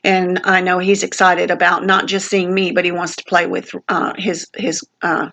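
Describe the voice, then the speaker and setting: A woman's voice: fairly low pitch, flat delivery, moderate pace, creaky, a bit bright. An older woman, vlogging from a family home in a rambling, heartfelt way with many fillers, sick with a sinus infection. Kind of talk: casual rambling vlog.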